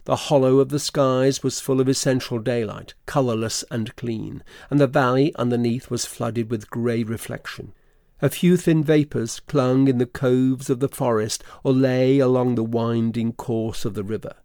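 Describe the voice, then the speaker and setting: Gravelly male audiobook narrator. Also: medium pitch, fairly even intonation, warm tone, no echo, clean studio sound. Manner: measured, literary reading.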